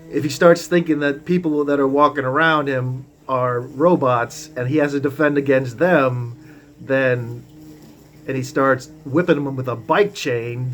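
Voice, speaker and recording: A man's voice: medium pitch, a bit bright, a little hiss or hum. A man vlogging as he tells a rambling story in a loose, casual way, full of restarts and asides, with the odd swear word.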